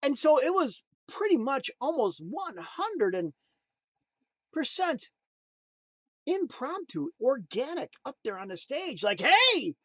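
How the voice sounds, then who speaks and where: A man giving a motivational talk in a preachy, emphatic way, swinging between loud punchlines and quiet asides. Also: extremely high pitch, big pitch swings, slow pace, dry recording. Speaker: motivational speaker.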